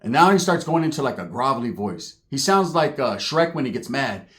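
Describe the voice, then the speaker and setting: A man telling a profane comic story, animated and acting out characters, with frequent "right?" tags. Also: mid-range voice, a little fast.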